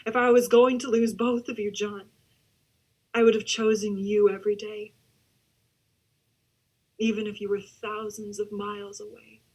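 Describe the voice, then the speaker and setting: A woman acting a grieving young woman making a hushed, tearful confession in a letter. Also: mid-range voice, little pitch movement, unhurried, long pauses, breathy edge. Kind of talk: theatre monologue over video call.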